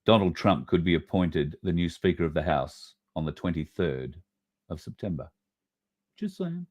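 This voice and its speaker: A man whose voice sits low speaks at a moderate pace as a livestream host. Blunt and swearing, he rants with sudden loud bursts and reads viewer comments aloud.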